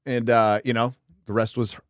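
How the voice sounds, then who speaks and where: A man in his fifties hosts a relaxed live chat, rambling and swearing freely between jokes. His voice sits at an ordinary middle pitch for a man. The sound is close and dry, with no room echo. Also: moderate pace, clean tone. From Southern California. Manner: crude, rambling, joking. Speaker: host. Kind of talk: casual livestream chat.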